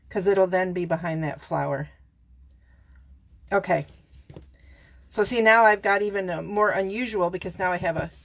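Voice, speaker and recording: Chatty woman demonstrating card making. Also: medium pitch. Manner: chatty, self-correcting, talks straight to viewers. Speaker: papercraft demonstrator. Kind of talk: casual craft tutorial.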